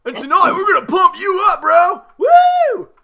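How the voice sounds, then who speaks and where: A man, the show's host, voicing a loud boastful musclebound gym bro who shouts, whoops and brags. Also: very high-pitched, huge pitch swings, unhurried, pitched above the performer's own voice, full character voice. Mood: pumped up.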